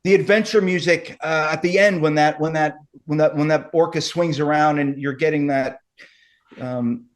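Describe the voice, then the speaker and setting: Middle-aged man, eager fan talk, rambling restarts, slightly high voice. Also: fairly even intonation, normal speed. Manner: rambling, many restarts and fillers. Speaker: guest, actor. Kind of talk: casual interview chat.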